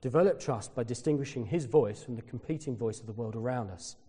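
A man's voice: medium pitch, quick pace, husky, in a large hall. A man preaching a sermon, telling a personal story and acting out the people in it. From Britain. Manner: storytelling, animated when quoting others.

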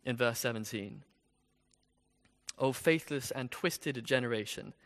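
A man's voice: medium pitch, a little slow, a bit bright, long reverb tail. A man preaching an expository sermon in a conversational way, with rhetorical questions.

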